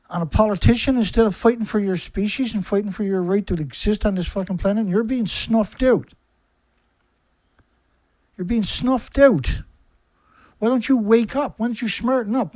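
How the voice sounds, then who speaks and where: A man delivering an angry, profane monologue to camera, firing rhetorical questions that build from low and subdued to loud shouting. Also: no echo, low-quality recording. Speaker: environmentalist video commentator.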